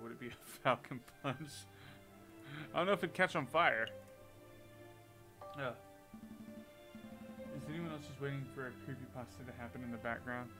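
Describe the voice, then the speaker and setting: A man's voice: medium pitch, moderate pace, long pauses, over music, poor audio. A man in casual live-stream commentary while playing a game, chatting and joking with viewers.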